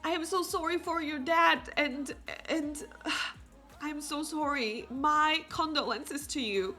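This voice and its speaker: Aiden, a woman voicing a gentle young Sim man. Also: high voice, slow, soft background music, pitched above the performer's own voice, full character voice. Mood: caring. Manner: stammering, gentle reassurance. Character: caring young man Sim comforting his partner.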